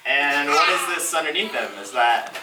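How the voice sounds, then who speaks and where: An author reading his picture book aloud to preschoolers at a school, animated and asking the children questions. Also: a little high, moderate pace. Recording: echoey room, from far off, loud noise.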